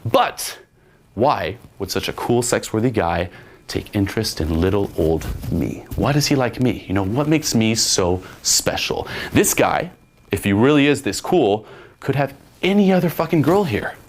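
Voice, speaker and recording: A man's voice: on the low side, expressive, a little slow. A man voicing an insecure young woman who wonders why a cool man would like her, speaking in a raised, self-doubting tone. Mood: wondering, insecure.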